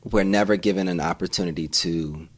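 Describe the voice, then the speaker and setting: A man's voice: deep voice, steady tone, brisk. A man in his thirties hosting an interview, reflective and asking probing personal questions. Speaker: podcast host. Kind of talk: interview conversation.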